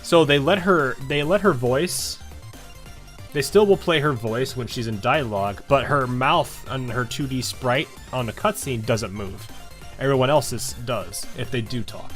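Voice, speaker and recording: A man's voice: medium pitch, unhurried, a bit bright, faint music behind. A man giving casual, rambling gameplay commentary, chatting and thinking aloud as he plays. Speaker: game streamer.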